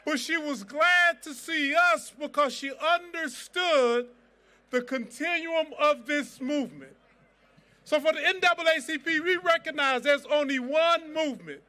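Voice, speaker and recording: A man's voice: very high voice, pushed and bright. A man giving a fiery rally speech as a civil rights organization president, with a preacher-like cadence and rousing repeated chants.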